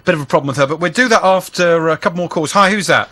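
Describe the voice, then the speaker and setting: A man's voice: fairly high pitch, very fast, background noise. A man hosting a radio phone-in, prodding his guest and steering the chat along. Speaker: radio host. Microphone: studio microphone.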